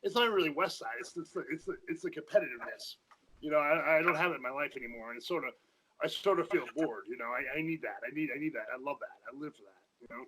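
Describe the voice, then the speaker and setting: A man with a bright, slightly high voice tells old gym stories in a quick, casual rush. He swears freely and keeps circling back with restarts. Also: a little hiss or hum, poor audio. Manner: fast, profane, repeats himself in restarts. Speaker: podcast guest, former powerlifter. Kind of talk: casual chat.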